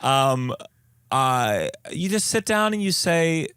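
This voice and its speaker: A man's voice: a little high, takes it slowly, smooth, no echo. A male comedian guest chatting and telling stories on a podcast, with many restarts. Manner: animated storyteller, stammering restarts. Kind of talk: casual podcast chat.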